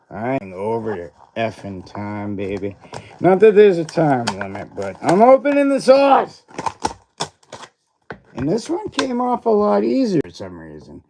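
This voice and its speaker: A man's voice: fairly low pitch, dark tone, slight background noise. A man hosting a casual livestream, rambling and self-mocking as he reads viewer comments aloud. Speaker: livestream host. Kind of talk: casual livestream chat while unboxing.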